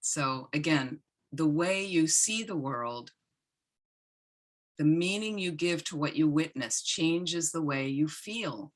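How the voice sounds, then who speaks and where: Low-voiced middle-aged woman teaching buddhism, gentle earnest storytelling, lots of restarts. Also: lively intonation, slow pace. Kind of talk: dharma talk with personal story.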